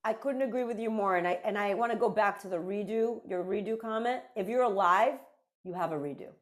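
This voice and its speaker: A woman's voice: mid-range voice, fast. A woman with a mid-range voice talks on a casual podcast. She is earnest and reflective, and she builds her points into lists as she goes. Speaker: podcast co-host; parent. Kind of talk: casual conversation.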